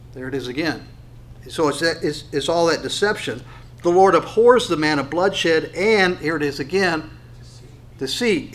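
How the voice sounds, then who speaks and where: A man preaching a verse-by-verse sermon in a loose, conversational way, full of fillers, restarts and questions to the room. His voice sits a little high for a man. When he reads scripture aloud he slows down and lifts his voice. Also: fairly bright tone, low-quality recording. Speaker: pastor. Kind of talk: expository sermon.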